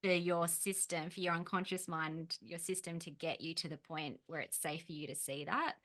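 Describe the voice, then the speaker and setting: A woman's voice: lowish voice, steady tone, moderate pace, fairly bright tone. A woman, the host of a chat, explaining ideas in an encouraging way. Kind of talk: casual chat.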